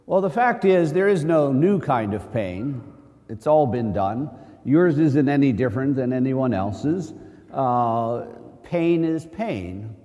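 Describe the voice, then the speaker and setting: A man's voice: fairly high pitch, a little mellow. A male priest giving a conversational sermon, full of rhetorical questions and joking asides. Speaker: Catholic priest. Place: church. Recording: long church reverb.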